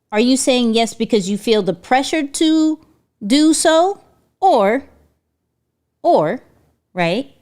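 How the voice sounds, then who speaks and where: Slow, chatty woman livestream host. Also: medium pitch, a little mellow. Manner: reads chat aloud, repeats herself, many "right?" tags. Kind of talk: casual interactive livestream chat.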